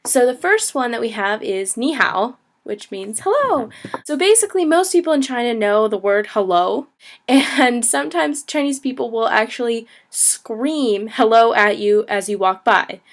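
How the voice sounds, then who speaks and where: A young woman with a fairly high voice teaches a casual video lesson to the camera. She talks in a loose, chatty way, filling her sentences with "like" and "you know" and laughing often. She sounds friendly and informal, more like a chat than a lecture. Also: animated, moderate pace. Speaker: language teacher, travel vlogger.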